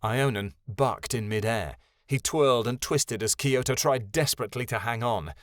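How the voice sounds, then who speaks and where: Male fantasy narrator, mid pitch, calm, very dry close studio sound. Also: normal speed, no echo. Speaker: audiobook narrator.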